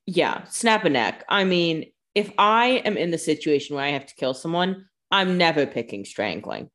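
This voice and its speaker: A podcast co-host with a low voice and a fairly bright tone tosses out wry asides during casual chat. She is expressive and talks at a normal speed.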